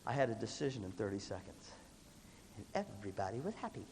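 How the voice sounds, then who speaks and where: Animated man lecturing in a reverberant hall. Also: fairly low pitch, fast, slight background noise. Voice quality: lively, emphatic delivery with repeated punchy phrases. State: coughing now and then. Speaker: music educator giving a leadership talk. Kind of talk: animated motivational lecture to students. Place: large hall with an audience. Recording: long reverb of a large hall.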